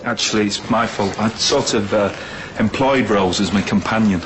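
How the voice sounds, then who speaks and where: A man's voice: lowish voice, moderate pace, background noise, lightly acted. An actor playing an odd man claiming to be a doctor, who answers in an offhand, sheepish way in a television drama.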